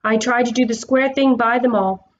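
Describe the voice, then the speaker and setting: Woman putting on a shy working-class cabby, hesitant, raised pitch, slightly muffled recording. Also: steady tone, moderate pace, slight background noise, lightly acted. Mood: humble. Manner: hesitant and deferential. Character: humble, plain-spoken London cab driver.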